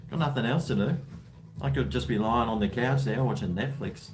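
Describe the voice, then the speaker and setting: A man's voice: medium pitch, a little fast. A man, hosting a casual home livestream, tired and rambling with many fillers and restarts. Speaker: livestream host. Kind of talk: casual livestream chat while drinking.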